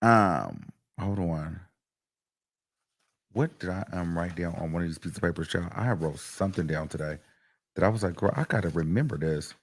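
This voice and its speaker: A man's voice: low-pitched, normal speed, vocal fry, long pauses. Chatty, profane male stream host. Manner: chatty, animated and profane, with lots of fillers. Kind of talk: casual commentary stream.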